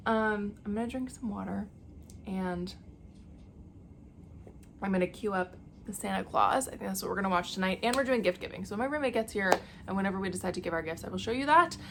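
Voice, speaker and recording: A woman's voice: medium pitch, fairly quick, vocal fry, long pauses, slight background noise. A young woman vlogging casually at home, gushing with effusive exclamations. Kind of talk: casual vlog chat. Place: home apartment, indoors.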